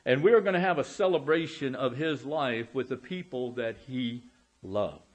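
A man's voice: mid-range voice, lively intonation. A man preaching a sermon as pastor in a church, emphatic and drawing out key words, calling out for amens. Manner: emphatic, slow drawn-out words, calls out for amens. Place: church sanctuary.

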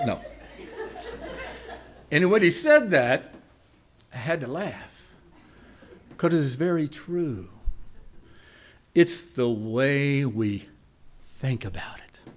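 A preacher with a mid-range voice and lively intonation tells a folksy, homespun story during his sermon. Loud, fast passages give way to slow, quiet ones.

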